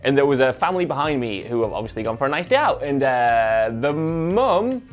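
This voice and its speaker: A man's voice: medium pitch, very animated, a little fast, soft background music. A man telling a comic anecdote to camera, wry with sarcastic asides. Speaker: film pundit.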